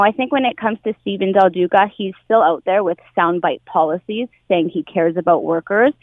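A woman interviewed on radio as a union public relations director, speaking in a measured, deliberate way. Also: on the low side, dry recording. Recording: tinny dry phone line.

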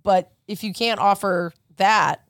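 A woman's voice: mid-range voice, takes it slowly, creaky, no echo, clean studio sound. A woman hosting a comedy podcast, chatting casually and giving earnest advice. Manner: animated, swings from laughing to earnest advice. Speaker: podcast host.

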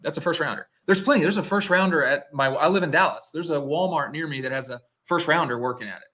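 Male sports-podcast co-host, slightly high, casual, rambling, filler-heavy. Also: fast talker, bright, forceful tone. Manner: rambling, heavy use of "like", restarts mid-sentence.

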